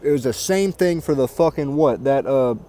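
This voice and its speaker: A man's voice: medium pitch, moderate pace, warm tone, a little hiss or hum. A man vlogging outdoors near water, ranting casually, crude and mocking, swearing constantly. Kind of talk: casual profane rant to camera.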